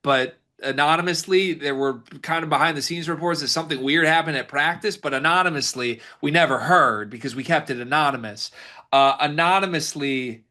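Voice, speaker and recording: A man co-hosting a sports podcast, giving emphatic, rapid-fire scouting takes in casual banter. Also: on the high side, pushed and bright. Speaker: podcast co-host.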